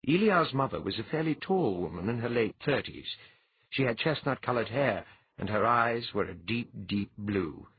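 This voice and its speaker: Husky male audiobook narrator. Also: mid-range voice, animated, narrow, tinny audio. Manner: measured storytelling. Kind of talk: scripted narration.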